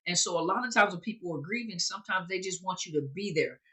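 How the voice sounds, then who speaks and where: A woman's voice: fairly low pitch, fast talker, a bit bright. A woman therapist and recovery coach giving an informal teaching talk, conversational and repeating phrases for emphasis.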